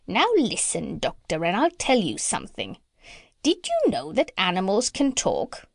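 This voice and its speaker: A woman voicing a bossy, talkative female parrot in a storybook reading, who chatters and squawks high bird sounds. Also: wildly swooping pitch, measured pace, creaky, no room sound, studio quality, exaggerated voice. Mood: insistent.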